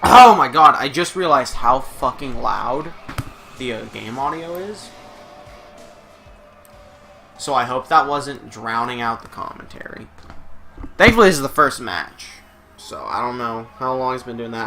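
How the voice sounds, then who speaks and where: Man, casual gameplay commentary, rambling, profane, jokey, bright punchy voice, mid pitch. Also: moderate pace, gravelly. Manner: rambling, profane, jokey asides to his dog. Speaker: video game commentator.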